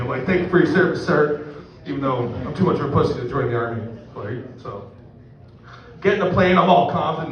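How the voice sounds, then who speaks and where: A middle-aged man from Canada telling a profane, rambling, self-mocking story in a stand-up set. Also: medium pitch. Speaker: stand-up comedian. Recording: echoey distant room mic, muffled.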